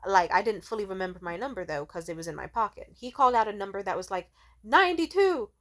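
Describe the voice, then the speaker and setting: Young woman, casual vlogger, animated and fed-up storytelling, swears freely. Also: mid-range voice, quick pace. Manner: exasperated, profane, animated storytelling.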